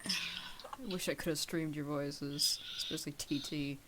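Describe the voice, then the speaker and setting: A woman chatting casually with fellow players, expressive and quick to swear. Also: sits low, noisy background. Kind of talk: casual chat.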